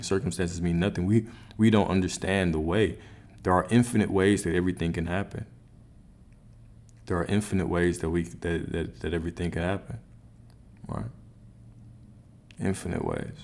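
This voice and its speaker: A man's voice: low-pitched, steady tone, normal speed, darkish tone. A man giving a motivational spiritual coaching talk on a livestream, emphatic and repetitive, often checking in with "right?".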